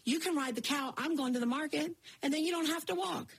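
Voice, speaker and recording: A woman voicing an eager young boy who talks earnestly and quickly in a told folktale. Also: high voice, creaky, voice pushed up.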